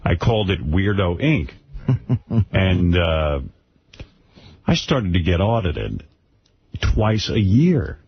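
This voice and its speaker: A man's voice: low-pitched, very animated, slow, pauses often, breathy edge, dry recording. A man hosting a radio show, talking in casual banter and ranting in a brash, boastful way. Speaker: radio host. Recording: dull lo-fi radio recording.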